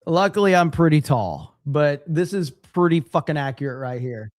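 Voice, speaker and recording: A man's voice: a little high, animated, moderate pace. A man hosting a live stream, chatting casually and with frequent swearing, reading viewer comments aloud. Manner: casual and profane, reads chat aloud. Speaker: livestream host. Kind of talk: casual live-stream chat reacting to clips.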